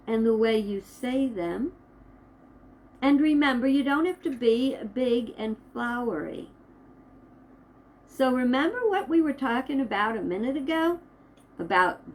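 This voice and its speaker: Woman minister, inspirational talk to camera, slow measured delivery, emphatic pauses. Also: a little high, poor audio.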